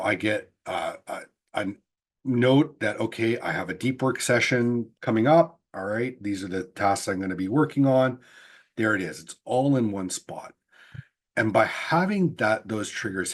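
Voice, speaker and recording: Guy running an online workshop on a video call, low voice, bit husky, earnest explainer. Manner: earnest, explanatory, some restarts. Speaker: workshop presenter.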